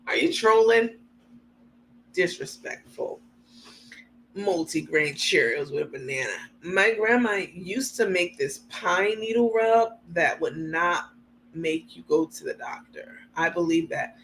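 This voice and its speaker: A woman's voice: fairly low pitch, a little hiss or hum. Chatty woman from New York City. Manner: chatty and relaxed, frank, laughs easily, many ums. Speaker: livestream host. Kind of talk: casual livestream chat, reading viewer comments.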